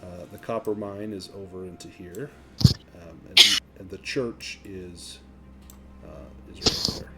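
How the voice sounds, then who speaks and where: A man narrating a tabletop role-playing game as game master, descriptive and unhurried, pausing with fillers. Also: deep voice, steady tone, over loud music.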